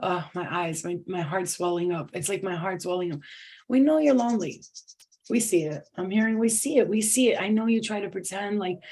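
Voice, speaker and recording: A woman's voice: lowish voice, fairly even intonation, brisk, hardly any pauses, darkish tone. A middle-aged woman hosting a live spiritual reading, talking casually, swearing, restarting sentences and laughing often. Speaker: tarot reader.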